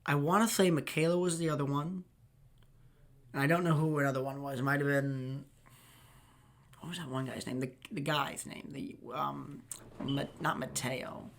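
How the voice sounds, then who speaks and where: A man's voice: a little high, fairly even intonation, normal speed, creaky, a bit bright, a little hiss or hum. Chatty young man telling stories. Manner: rambling, laughing, swears, acts out quoted people. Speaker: podcast host. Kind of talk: casual storytelling chat.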